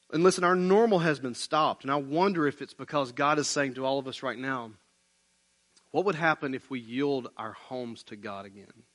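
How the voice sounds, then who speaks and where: A man preaching a sermon as pastor, conversational and animated, often saying "man, listen.". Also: fairly high pitch. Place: church building, online service.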